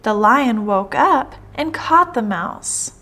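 Very slow woman reading a children's story. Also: fairly high pitch, lively intonation, bright, forceful tone.

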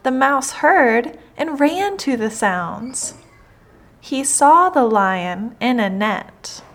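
A woman reading a children's fable aloud, slowly and carefully. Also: fairly high pitch, big pitch swings. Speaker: storyteller. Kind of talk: slow read-aloud children's story.

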